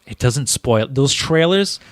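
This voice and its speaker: Animated man with lively pitch. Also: slow, dry recording, clean studio sound. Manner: animated, swearing, acts out scenes in silly voices. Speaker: podcast co-host. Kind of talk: casual podcast chat.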